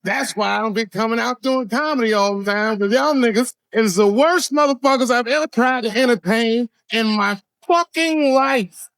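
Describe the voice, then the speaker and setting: A man's voice: normal speed, few pauses, no echo, low-quality recording. Profane storytelling stand-up comic man. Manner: profane storytelling with wide swings in pitch and loudness. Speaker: stand-up comedian. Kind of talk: stand-up comedy set. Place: comedy stage.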